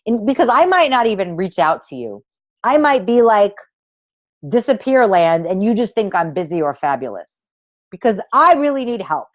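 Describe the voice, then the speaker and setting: This online workshop host and women's coach leads a live masterclass for women in a mid-range, highly animated voice at normal speed. Her delivery is dramatic, gushing and full of emphasis, with plenty of swearing, and the audio is dry and dull.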